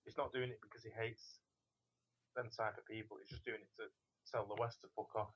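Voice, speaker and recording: A man's voice: lowish voice, little pitch movement, fairly quick, a bit bright, a little hiss or hum. A man co-hosting a casual internet radio chat, blunt and opinionated. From Britain. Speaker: co-host. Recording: dull lo-fi internet audio.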